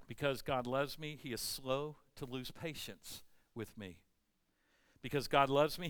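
A man preaching a sermon with passion, his delivery swinging between hushed, intense passages and loud, emphatic ones. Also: fairly high pitch.

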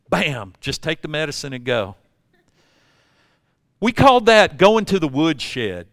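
A man's voice: fairly high pitch, a bit bright, smooth, dry recording, studio quality. An older man preaching a sermon, telling folksy stories and acting out voices. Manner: folksy storytelling with acted-out voices. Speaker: pastor.

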